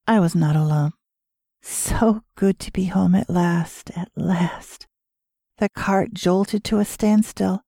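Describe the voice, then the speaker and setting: A woman narrating a novel in a measured storytelling voice. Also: fairly low pitch, a little mellow, dry recording, studio quality. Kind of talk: audiobook narration.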